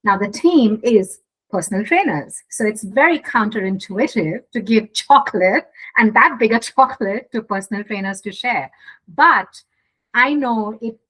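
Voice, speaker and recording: A woman guest in a casual interview, telling a story in a lively way. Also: medium pitch, normal speed, husky, low-quality recording. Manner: animated storyteller, acts out quotes. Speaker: guest, gifting studio owner.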